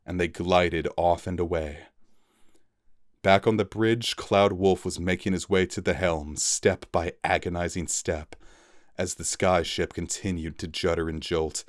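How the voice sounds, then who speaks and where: Deep male reader for dramatic storybook narration, pauses for effect, dry sound. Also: no echo.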